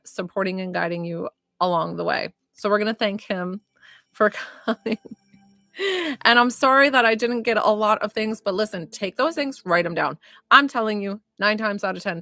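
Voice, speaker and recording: A woman working as a psychic medium, giving live readings to viewers in a warm, rambling way with lots of filler words. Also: mid-range voice, no room sound, studio quality. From northern United States.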